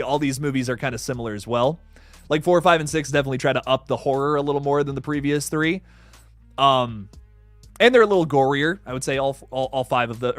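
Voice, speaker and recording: A young man hosting a casual livestream, reading viewer comments with excitable energy, laughing often and restarting his sentences. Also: fairly high pitch, no echo. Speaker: livestream host reading chat.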